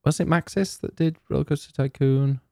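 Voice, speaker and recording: A man's voice: on the high side, gravelly, mellow, dry recording, studio quality. A man co-hosting a gaming podcast, joking and teasing in casual banter. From United Kingdom. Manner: quick-witted, teasing banter. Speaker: podcast co-host. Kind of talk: casual chat.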